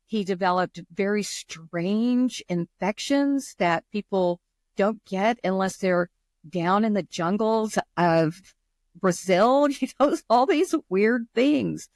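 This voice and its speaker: A woman's voice: mid-range voice, slow, darkish tone, dry recording. Older female guest, heartfelt storyteller, mid-range voice, dry recording. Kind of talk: interview, personal story.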